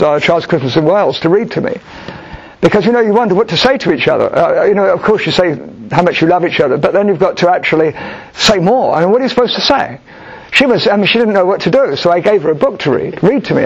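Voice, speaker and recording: A middle-aged man answering an audience question with a personal story, thoughtful and halting, with frequent restarts. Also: high-pitched, husky. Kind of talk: storytelling Q&A talk. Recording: dull lo-fi recording.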